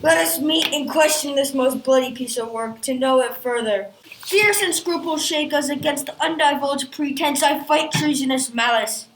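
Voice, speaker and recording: A grave, loyal general, played by a woman in a school production. The delivery is firm declamation in a high voice. It rings with room echo. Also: normal speed. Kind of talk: school stage play. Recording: echoey stage.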